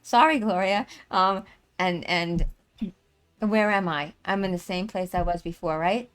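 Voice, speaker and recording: A woman's voice: fairly low pitch, steady tone, a little slow, fairly bright tone, clean tone. A woman hosting a live stream, talking casually and rambling, with many fillers and restarts. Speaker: livestream host and tour organizer.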